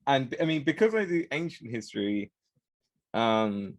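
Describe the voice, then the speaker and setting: A man's voice: medium pitch, big pitch swings, measured pace, no room sound. Hesitant, rambling British man. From Britain. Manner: rambling, hesitant, full of fillers and restarts. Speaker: podcast co-host. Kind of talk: casual round-table chat.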